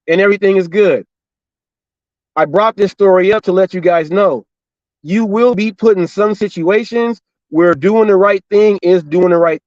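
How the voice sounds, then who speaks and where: High-voiced man telling a story animatedly. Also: no echo, dull audio. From Los Angeles and Orange County, California. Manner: animated, repetitive retelling with quoted dialogue. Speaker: gig delivery driver and show host. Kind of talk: casual storytelling monologue.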